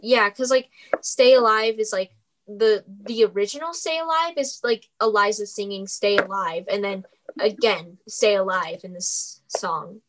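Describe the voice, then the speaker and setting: A teenage girl chatting with a friend in an eager, drawn-out way, agreeing often. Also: mid-range voice, fairly bright tone, rough recording. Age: teens. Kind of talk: casual chat about a musical.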